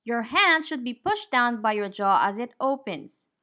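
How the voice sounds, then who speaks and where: A woman teaching English pronunciation, modeling words slowly and clearly for learners to repeat. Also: a little high, expressive, sharp tone. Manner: slow, clear, drawn-out word modeling.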